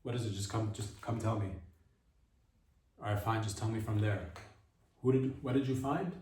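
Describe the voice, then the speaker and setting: A man's voice: lowish voice, warm tone. Rambling man in an echoey room. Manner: rambling, self-interrupting, quick asides. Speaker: comedy podcast host. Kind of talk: improvised comedy monologue. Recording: roomy, voice far from mic.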